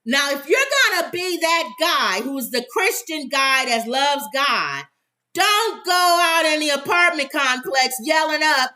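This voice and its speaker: A woman co-hosting a casual talk show, telling a story with animated acted-out quotes and frequent laughs. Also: high voice, measured pace. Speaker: co-host. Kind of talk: casual commentary chat.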